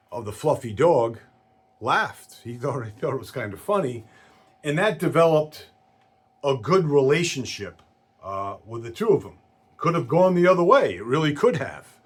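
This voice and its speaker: A man telling a story from his work in insurance in a casual way, acting out the people in it with lively voices. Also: mid-range voice. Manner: animated storyteller who acts out quoted voices.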